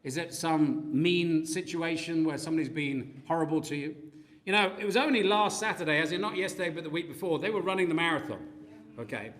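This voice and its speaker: A man's voice: on the high side, fairly quick. A man preaching a sermon in a church, telling stories with acted-out quotes. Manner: animated storytelling with acted quotes.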